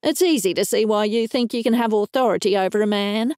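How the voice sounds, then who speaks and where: An Australian woman voicing a pushy, sullen preacher man who speaks slowly and self-righteously in an audiobook. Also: mid-range voice, a little mellow, no echo, clean studio sound, close to an everyday voice. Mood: firm, sullen. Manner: firm, self-righteous and slow.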